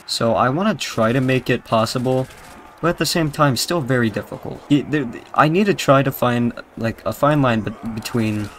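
A man's voice: mid-range voice, moderate pace, fairly bright tone, slight background noise. A young man with a British accent giving crude, rambling, jokey commentary while playing a zombie video game. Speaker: gaming YouTuber. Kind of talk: casual gameplay commentary.

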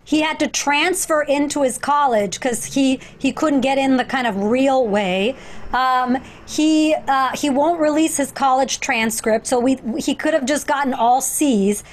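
A woman comedian in a casual chat, making quick sardonic quips over a video call. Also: high voice, slight background noise. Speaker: comedian co-host.

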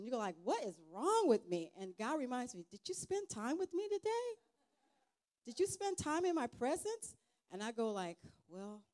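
Woman sharing a church testimony, earnest, kinda halting w lots of restarts, conversational. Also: medium pitch, warm tone. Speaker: guest speaker. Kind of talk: informal testimony sermon.

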